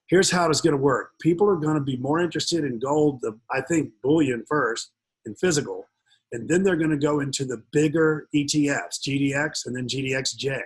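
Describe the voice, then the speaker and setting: Husky, rambling male webinar host. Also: a little high, a little fast, rough recording. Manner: rambling, joking, many fillers. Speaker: webinar host and investment speaker. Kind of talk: casual webinar talk with jokes.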